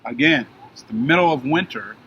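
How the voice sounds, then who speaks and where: A man telling a personal story in casual conversation, acting out the voices and shouts of the people involved. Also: mid-range voice, normal speed, muffled recording, slight background noise. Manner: animated retelling, acting out shouted dialogue. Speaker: guest telling his story.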